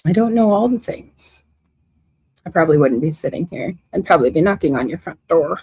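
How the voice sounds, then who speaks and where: A woman's voice: deep voice, expressive, a little fast, darkish tone, slightly rough, no echo, low-quality recording. A woman hosting a livestream who reads out viewers' comments and answers them with emotion and confrontation. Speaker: livestream host. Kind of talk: casual livestream chat reading viewer comments.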